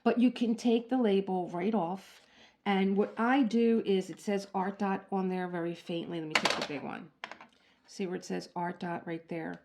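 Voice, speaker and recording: Chatty woman with a gravelly edge. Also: mid-range voice, steady tone, normal speed, darkish tone, a little hiss or hum. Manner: chatty, laughs at herself, talks straight to the viewer. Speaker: diamond painting channel host. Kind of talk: casual unboxing demonstration.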